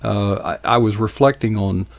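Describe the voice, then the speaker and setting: Laid-back male host, lowish voice, dry close sound, keeps things easy and affirming. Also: normal speed, creaky, no room sound. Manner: relaxed and affirming, often murmurs agreement. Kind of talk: casual interview chat.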